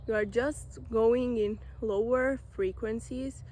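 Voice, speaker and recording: High-pitched, slow-talking woman. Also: steady tone, a little mellow, slight background noise. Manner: earnest, direct, repeats phrases for emphasis. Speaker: self-help vlogger. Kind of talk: motivational talk to camera.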